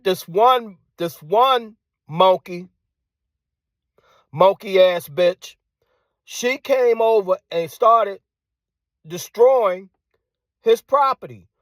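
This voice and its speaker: A man delivering a combative monologue, repeating his phrases and firing off rhetorical questions, sometimes dropping to a hushed tone. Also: high voice, animated, extremely slow, long pauses, no room sound, studio quality. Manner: drops to hushed tone at times. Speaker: commentator. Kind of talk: ranting monologue.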